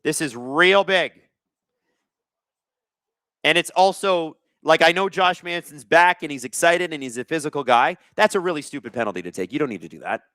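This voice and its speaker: Man, live hockey stream host, lively swooping voice, slightly high, dry close sound, reads chat, excitable. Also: moderate pace, no room sound. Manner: animated, reads chat aloud, excitable during plays. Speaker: streamer hosting a live hockey watch-along. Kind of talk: live play-by-play and chat reading.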